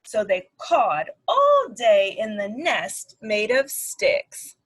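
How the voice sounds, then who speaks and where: A woman speech therapist reading a picture book aloud to preschoolers, animated and sing-song, making animal sounds. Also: mid-range voice, very slow, rough recording. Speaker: speech-language pathologist. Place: at home.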